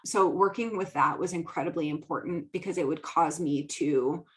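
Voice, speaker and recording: A woman's voice: low-pitched, normal speed, low-quality recording. Chatty, giggly woman podcast host. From American Midwest. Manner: chatty, giggly, filler-heavy. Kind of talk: casual solo talk. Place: home studio.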